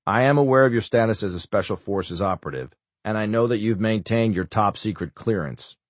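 A man's voice: fairly low pitch, brisk, no echo, lightly acted. A man voicing a stern, commanding male federal agent in an audiobook. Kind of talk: audiobook character voice.

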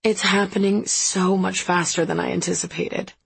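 A woman voicing a worldly, wistful older hostess in an audiobook, measured and reflective, with a husky, gravelly voice. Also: medium pitch, little pitch movement, rough recording. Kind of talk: audiobook character voice.

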